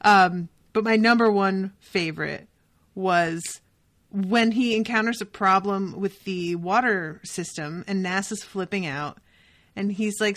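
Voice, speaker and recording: Woman co-host, medium pitch, loose and profane, playfully acts out the lines she quotes. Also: a little slow, a bit bright. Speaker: podcast co-host. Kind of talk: casual book discussion.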